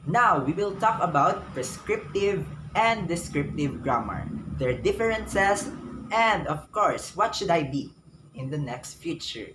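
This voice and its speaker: A young man with a Filipino English accent, a student teacher explaining a grammar lesson slowly, often repeating himself for emphasis. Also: on the high side, animated. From Philippines. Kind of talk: classroom lecture. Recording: echoey room with noise behind.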